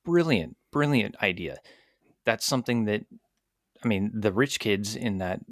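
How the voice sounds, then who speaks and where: Male podcast co-host, low voice, dry close sound, earnest practical tone. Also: animated, unhurried, no room sound. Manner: earnest, practical advice-giving. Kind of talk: casual chat.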